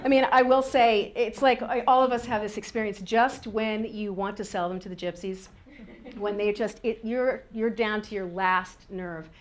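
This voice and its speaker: A middle-aged woman telling a wry, animated personal story about parenting, often laughing as she talks. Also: mid-range voice, normal speed.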